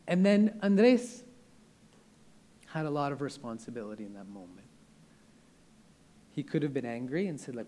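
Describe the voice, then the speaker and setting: A man's voice: mid-range voice, darkish tone. A young man preaching a sermon in an earnest, conversational way, often restarting his sentences.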